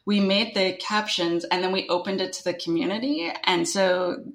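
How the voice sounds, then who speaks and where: A woman's voice: medium pitch, normal speed, reverberant. A young woman with a strong Canadian accent, talking casually and upbeat in an interview, peppering her speech with "like" and "right?". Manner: chatty, upbeat, full of "like" and "right?". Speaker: guest.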